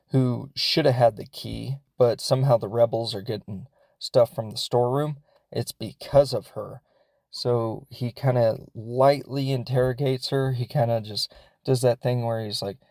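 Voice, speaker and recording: A man's voice: mid-range voice, dark tone, no room sound. A man hosting a show and casually recapping a film in a rambling, wry way, full of fillers. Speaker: host.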